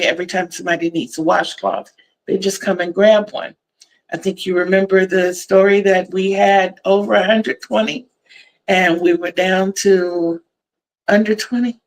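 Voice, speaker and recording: Slow-talking older woman. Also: medium pitch, poor audio. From Virginia, USA. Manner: chatty, effusive, repeats words for emphasis. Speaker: crochet livestream host. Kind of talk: casual livestream chat.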